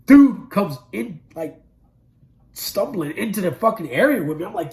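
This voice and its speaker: A middle-aged man recounting his prison past in a blunt, profane storytelling manner, swinging from loud bursts to low murmurs. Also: big pitch swings, normal speed. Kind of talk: candid storytelling interview.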